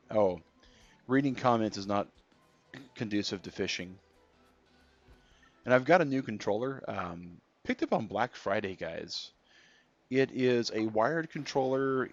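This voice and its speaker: Male streamer, low-pitched, easygoing chat over gameplay; dull stream audio. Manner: chatty, reads out viewer comments. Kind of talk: casual gameplay commentary.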